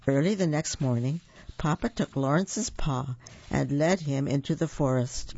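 Gravelly picture-book reader. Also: medium pitch, unhurried, a little mellow, no room sound, muffled recording. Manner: chatty asides to young listeners. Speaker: storyteller. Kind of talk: reading a picture book aloud.

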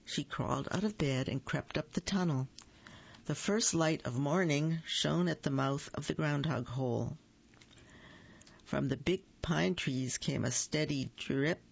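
Male storybook reader: slow and gentle, husky and gravelly, lo-fi. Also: fairly high pitch. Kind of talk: reading a children's storybook aloud.

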